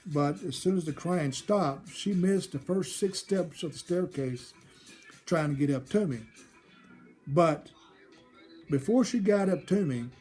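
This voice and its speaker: A man's voice: fairly high pitch, measured pace, a little mellow, soft background music. A man telling a personal story from his childhood, rambling and often repeating and restarting his phrases. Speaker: storyteller host.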